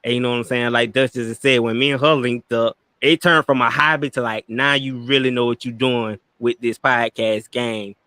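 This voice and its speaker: A man's voice: medium pitch, fairly even intonation, normal speed, few pauses, sharp tone, smooth, no echo. A man from Florida, a podcast founder talking in a confident, slangy casual manner. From Florida, US South. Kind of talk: casual interview chat.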